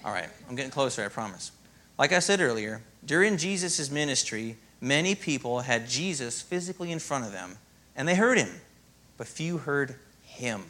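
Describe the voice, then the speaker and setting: A man preaching a sermon as pastor, in a lively, conversational way and often asking "Amen?". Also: mid-range voice, brisk.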